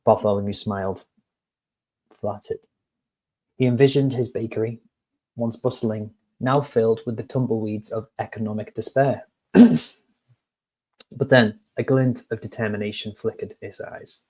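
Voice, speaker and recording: A man's voice: lowish voice, fairly even intonation, measured pace, pauses often, darkish tone. A man, an HR course tutor who talks to viewers in a chatty, direct way and reads a storybook tale. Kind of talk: casual lesson with storytelling.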